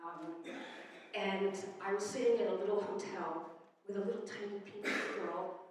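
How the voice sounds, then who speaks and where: A woman's voice: medium pitch, normal speed, a little mellow. A woman in her sixties telling a personal story live at an event, conversational and wry, with frequent fillers. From United States. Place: event hall. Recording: echoey hall, distant mic.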